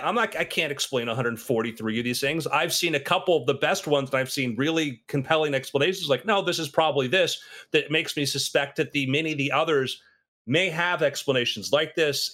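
A man with a bright, forceful voice pitched a little high, chatting casually. He tells stories with energy and acts out the people he quotes, swinging his pitch up and down. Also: a little fast. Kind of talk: casual conversation.

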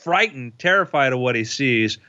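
A man's voice: medium pitch, expressive, normal speed, sharp tone, no echo, highs cut off. A man narrating a tabletop game as game master, playful and vivid, with sound effects.

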